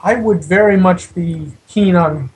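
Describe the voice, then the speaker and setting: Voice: mid-range voice, unhurried, darkish tone, a little hiss or hum, low-quality recording. A tabletop game player who speaks in character with formal, earnest phrasing.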